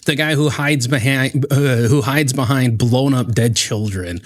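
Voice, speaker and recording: A man delivers exasperated reaction commentary and swears freely as he rants. His voice sits at a middling pitch and stays heated, with a loose, conversational flow. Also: unhurried. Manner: heated, profane, exasperated ranting. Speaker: commentary youtuber.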